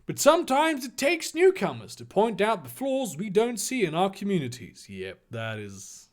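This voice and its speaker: A man's voice: high-pitched, wildly swooping pitch, moderate pace. A man reading fan fiction aloud with sarcastic, swearing asides. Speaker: reader.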